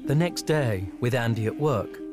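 A man narrates a documentary in a measured, matter-of-fact tone. His pitch sits in the middle range. Guitar music plays clearly beneath him. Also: lively intonation. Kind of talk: scripted narration.

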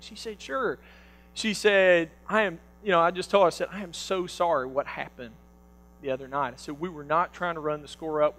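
A man preaching a sermon, telling a personal story with animated swings between loud bursts and hushed quotes. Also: high-pitched, poor audio.

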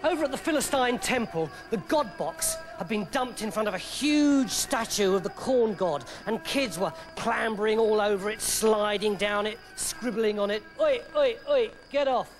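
A man telling a story in lively, playful scripted narration that drops to hushed tones. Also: high-pitched, normal speed, hardly any pauses, music in the background.

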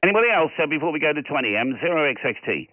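A man's voice: on the high side, sing-song, a little hiss or hum. A man from Scotland running a ham radio session, trading call signs and signal reports with friendly, easy chat. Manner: friendly, quick call handling. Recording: tinny radio audio.

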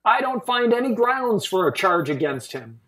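Reader as a stern Roman governor, church Passion reading, deliberate questioning, distant mic in a roomy hall. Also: mid-range voice, very animated, fairly bright tone. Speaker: scripture reader. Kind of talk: dramatic scripture reading.

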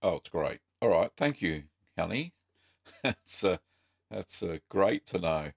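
Gravelly Australian man hosting a live stream. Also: low voice, takes it slowly. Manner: relaxed and chatty, frequent ums and uhs. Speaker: host.

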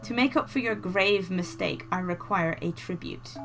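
A selfish, cold-hearted witch, as a woman reads her out speaks in a lowered snarl that is sometimes a little softer. Game music plays under her. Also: normal speed, natural voice. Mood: stern. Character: cold cruel female witch, stern and harsh.

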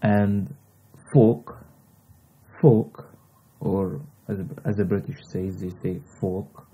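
A man's voice: low voice, steady tone, takes it slowly, breathy edge, narrow, tinny audio. A man from Egypt with an Egyptian accent, teaching vocabulary patiently and repeating each word several times. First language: Egyptian Arabic. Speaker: language teacher. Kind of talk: slow vocabulary lesson with repetition.

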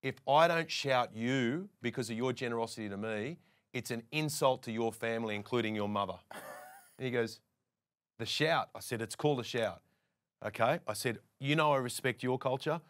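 His pitch is medium and his pace a little fast. The Australian presenter, here as a guest, tells casual anecdotes like a lively storyteller, acting out other people's lines.

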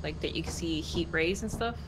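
A man gaming with friends, playful and animated, yelling when in danger. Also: a little high, brisk, over a noisy crowd, low-quality recording. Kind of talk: casual gaming chat with friends. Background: game music.

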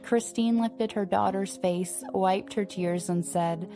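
A woman narrating a romance audiobook in a steady, even storytelling manner. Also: medium pitch, takes it slowly, music in the background. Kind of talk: scripted narration.

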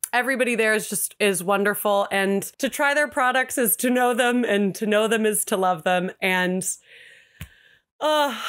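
A young woman hosting a podcast, talking casually and warmly about a food brand, gushing and giggly, her voice swooping up when she gets excited. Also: medium pitch. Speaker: podcast host. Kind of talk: casual sponsored podcast monologue.

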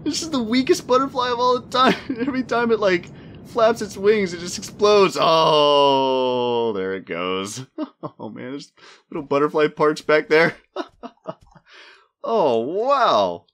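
A man hosting a gameplay video, reacting excitedly as he plays, laughing often and swearing when things go wrong. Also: high voice. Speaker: gaming video host. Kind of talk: let's play commentary.

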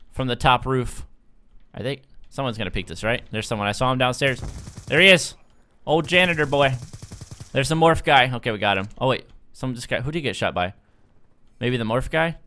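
A young man giving casual, excitable gameplay commentary as a gaming YouTuber, joking and laughing often. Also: mid-range voice. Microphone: desk microphone.

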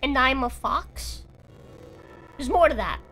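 A woman's voice: high-pitched, big pitch swings, takes it slowly, sharp tone. A young woman with a British accent chatting playfully with her viewers on a live stream, often laughing. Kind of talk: casual live-stream chat.

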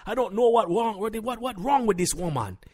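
A man playing a boastful, hot-tempered Jamaican husband calling a comedy radio show, with a Jamaican accent, preaching in broken grammar and flaring into shouts. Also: mid-range voice, lively intonation, moderate pace, breathy edge. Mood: apologetic. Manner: flares into shouting. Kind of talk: comedy radio call-in sketch.

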